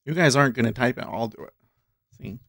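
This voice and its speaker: A fast-talking day trader with a creaky, slightly bright mid-range voice chats with livestream viewers from his desk mic. He speaks to them directly and thinks aloud between comments, recorded dry at studio quality.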